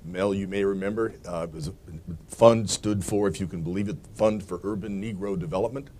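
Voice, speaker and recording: Deep-voiced man, wry panelist, faint hum behind. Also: brisk, a little mellow. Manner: wry, self-correcting. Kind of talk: recollections at a panel forum.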